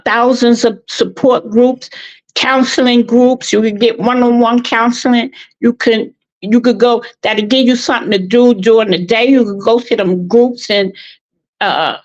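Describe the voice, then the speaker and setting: A woman calling in to a live show, talking slowly and haltingly, with emotion in her voice. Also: fairly high pitch. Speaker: caller. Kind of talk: call-in commentary. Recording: muffled call-in line.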